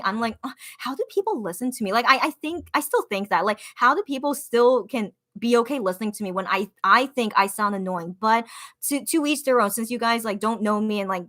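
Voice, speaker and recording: Hosting a relaxed livestream in the manner of a radio show, a young woman reads out her viewers' comments. Her delivery is upbeat and chatty, packed with filler words and abrupt high-pitched bursts of excitement.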